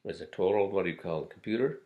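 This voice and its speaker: The audio is narrow and tinny, and the man speaks fast in a low voice. As the solo host of a casual podcast, he wanders from one topic to the next, cursing frequently and leaning on fillers and asides.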